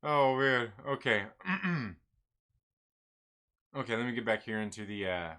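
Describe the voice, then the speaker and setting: A man's voice: medium pitch, lively intonation, measured pace, bright, forceful tone. A man hosting a live stream and reviewing comic books in casual, rambling, profane chat, laughing often.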